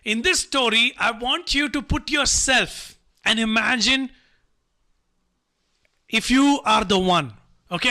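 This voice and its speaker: Guy hyping up students online, super high voice, keeps saying type ready. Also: pushed and bright. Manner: repetitive, coaxing, asks the audience to type replies. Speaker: motivational speaker. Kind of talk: live online motivational talk to students.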